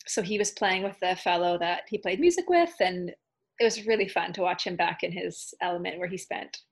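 A woman's voice: lowish voice, animated, fairly quick, creaky, breathy edge. A woman guest on a podcast, talking in a reflective, giggly way over a video call. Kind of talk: casual heartfelt conversation.

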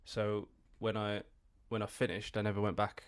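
A man from the Black Country with a Black Country accent, a comedian chatting as a podcast guest, halting with many restarts and easy laughs. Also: fairly low pitch, completely flat delivery, clear, resonant tone. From Black Country, England. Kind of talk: casual podcast chat.

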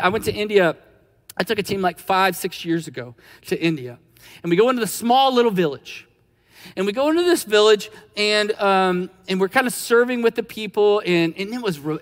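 A man preaching a sermon in a conversational, storytelling way. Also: very high-pitched. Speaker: pastor. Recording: long hall reverb.

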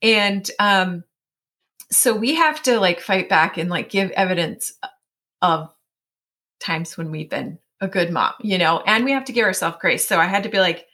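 A woman's voice: fairly low pitch, normal speed. A woman in her forties, a guest in an interview, telling a personal story in a chatty way, full of fillers, often acting out what her inner voice says. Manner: chatty, many fillers, animated self-quoting.

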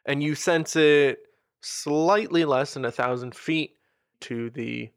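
A man's voice: fairly high pitch, slow pace, clear, resonant tone, no echo, studio quality. A man running a tabletop game as game master and host, describing scenes and chatting playfully. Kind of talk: narrating a tabletop game and podcast outro.

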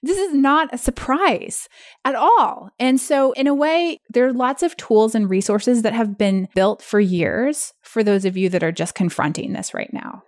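A woman's voice: fairly high pitch, animated, a little slow, no echo, studio quality. A woman co-hosting a casual business chat, talking frankly and laughing often at herself. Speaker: business co-founder and podcast co-host. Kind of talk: casual conversation.

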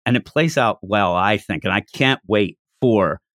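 A man co-hosting a casual manga discussion podcast, talking animatedly and acting out character lines in quick put-on voices. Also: lowish voice, fairly bright tone, no room sound, studio quality. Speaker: podcast co-host.

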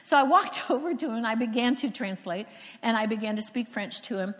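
A fairly high-pitched woman preacher, originally from Florida, delivers a sermon in a storytelling way, leaning on emphatic, dramatic pauses. Her voice rings out with a long reverb, as if recorded in a large hall. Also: lively intonation. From Florida, USA.

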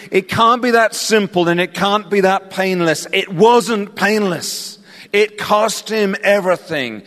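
English preacher in a large echoing hall. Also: male voice, sits high. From England. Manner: impassioned, building to invitation then softening. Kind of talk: evangelistic sermon. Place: large hall with live audience. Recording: reverberant hall with music.

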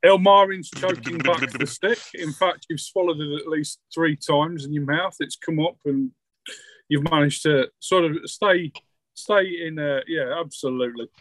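Man, game master, slightly high voice, dry close sound, loose rambling narration. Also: a little slow, a bit bright, no room sound, low-quality recording.

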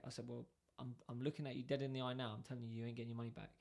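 A man tells a long story in relaxed conversation. His voice sits at a middle pitch. He acts out the exchanges with lively back-and-forth dialogue. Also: racing, vocal fry. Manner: animated, acts out both sides of dialogue. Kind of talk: casual storytelling.

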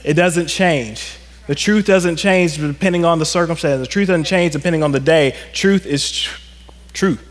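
A male pastor preaching a sermon to a congregation, animated and acting out stories in quoted voices. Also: a little high, normal speed. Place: church sanctuary. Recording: long reverb of a church hall.

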